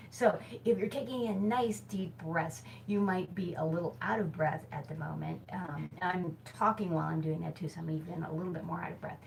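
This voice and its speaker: This hoop fitness instructor speaks on the low side and a little fast, with vocal fry and few pauses. She chats and giggles through a casual instructional video, often poking fun at herself and using many fillers, while hooping in a small temporary office by a back door. Her camera mic moves with her, and the poor recording has a faint hiss or hum.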